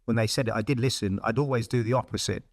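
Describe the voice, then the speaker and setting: A man's voice: lowish voice, fast, no room sound, clean studio sound. A middle-aged man frankly telling his career story in a casual interview. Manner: blunt, frank, lively retelling with quoted dialogue. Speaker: podcast guest.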